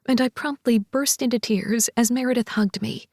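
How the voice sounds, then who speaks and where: A woman narrating an audiobook romance in the first person, expressive and voicing each character. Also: fairly high pitch, normal speed, no room sound, clean studio sound.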